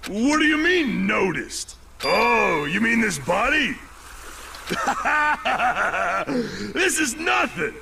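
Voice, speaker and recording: A booming gravelly strongman. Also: big pitch swings, drawn-out words, background noise, full character voice. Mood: boisterous. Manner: shouting, laughing heartily. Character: hulking loud male team manager, boisterous. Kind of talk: game dialogue read aloud. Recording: music playing behind.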